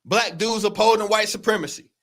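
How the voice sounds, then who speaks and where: Male livestream host, strikingly high, bright, forceful voice; heated, profane, emphatic commentary. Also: fairly quick. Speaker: show host.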